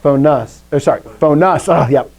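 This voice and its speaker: A man's voice: fairly high pitch, normal speed, a little mellow, rough recording. A young man teaching a Greek class for adults, upbeat and self-deprecating, drilling words aloud for his students to repeat. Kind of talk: classroom lesson with call-and-response drills.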